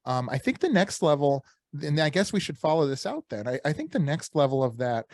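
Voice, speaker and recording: A man's voice: fairly high pitch, very animated, brisk, no echo, clean studio sound. A man hosting a podcast, reflecting aloud and asking questions, often with "um" and "uh". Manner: reflective, thinks aloud with fillers. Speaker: podcast host. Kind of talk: interview questions.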